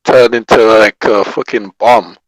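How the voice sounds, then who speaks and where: Husky-voiced man giving casual opinions. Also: fairly low pitch, fairly even intonation, a little slow, dry recording, rough recording. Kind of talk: casual podcast chat.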